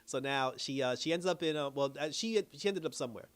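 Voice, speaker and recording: A man talks through an episode like he is telling a friend about it. His voice sits a bit high for a man. He is slangy and chatty, and laughter keeps slipping into his recap. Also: fairly quick. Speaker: TV review host. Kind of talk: casual spoken recap.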